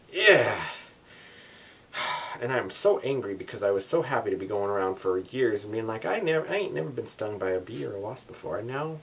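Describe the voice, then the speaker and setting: Husky-voiced man ranting in a vlog. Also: lowish voice. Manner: animated, ranting, swears. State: just out of the shower, wet. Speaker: vlogger. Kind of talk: casual daily vlog.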